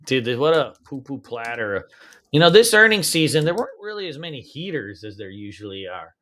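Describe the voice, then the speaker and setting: A man's voice: mid-range voice, sing-song, brisk, a bit bright, a little hiss or hum. A man hosting a live pre-market trading stream, casual and slangy, humming filler beats as he scrolls through charts.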